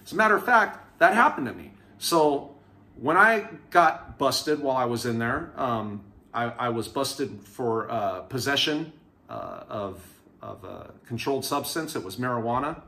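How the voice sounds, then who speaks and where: A man's voice: mid-range voice, a little slow. A man telling his own prison stories to camera in a casual, candid way, acting out the people he quotes. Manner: candid, animated retelling with quoted voices.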